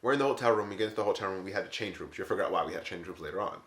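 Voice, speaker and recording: A man vlogging, telling a story in a casual, animated way, laughing often and acting out what others said. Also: deep voice, racing. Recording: echoey room.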